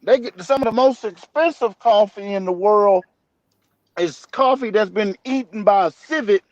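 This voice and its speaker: A man's voice: sits high, moderate pace, no echo, highs cut off. A man in a casual chat, ranting bluntly with plenty of profanity.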